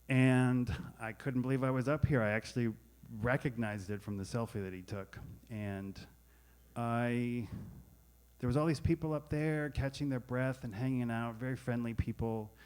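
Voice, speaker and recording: A man's voice: lowish voice, a little slow, darkish tone. A man telling a candid, wry personal story on stage at a live storytelling event, speaking into a stage microphone. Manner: candid, wry, self-deprecating.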